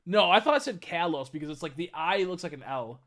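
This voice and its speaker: Bright-voiced tired young streamer. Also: male voice, on the high side, lively intonation, fairly quick. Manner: rambling, swearing, stumbles over chat names. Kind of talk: casual live-stream chat.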